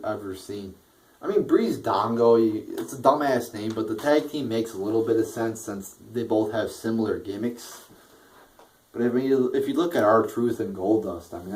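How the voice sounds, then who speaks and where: A man's voice: fairly low pitch, darkish tone, slight background noise, low-quality recording. A man giving a casual, profane review, blunt and rambling, with a bored, dismissive tone. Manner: blunt, crude, rambling with frequent swearing. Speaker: wrestling show reviewer.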